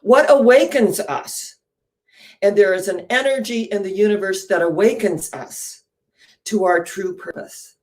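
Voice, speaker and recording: A woman giving a spiritual storytelling talk, animated, often posing questions to her listeners. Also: mid-range voice, measured pace. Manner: animated, poses rhetorical questions. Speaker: inspirational speaker.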